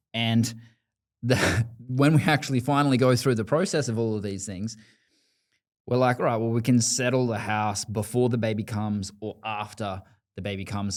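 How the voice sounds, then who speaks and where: A man's voice: on the low side, a little mellow. A man, hosting a podcast and telling a story in casual talk, acting out the voices he quotes. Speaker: podcast host.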